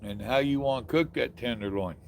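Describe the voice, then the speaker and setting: Folksy older man with a gravelly voice. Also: mid-range voice, fairly quick, a little hiss or hum. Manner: folksy, drawling, chatty with viewers. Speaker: live stream host. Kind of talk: casual live stream chat. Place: outdoors in the evening.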